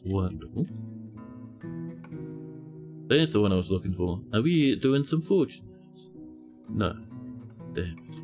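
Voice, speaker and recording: A man with a New Zealand accent, casually commentating his game stream with playful, mock-dramatic teasing and a soothing voice. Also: medium pitch.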